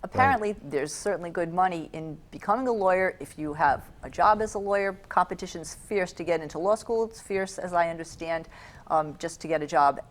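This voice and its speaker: A woman hosting an interview, asking plain, brisk questions. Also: fairly low pitch. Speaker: interviewer host.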